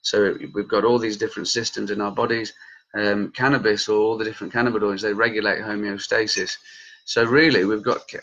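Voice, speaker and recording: A man in his late thirties speaks with a lowish but bright, forceful voice, heated and passionate as he addresses his viewers directly. The sound is dull and lo-fi, like a home recording. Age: late 30s. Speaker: cannabis campaigner and group leader. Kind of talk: vlog commentary reacting to news.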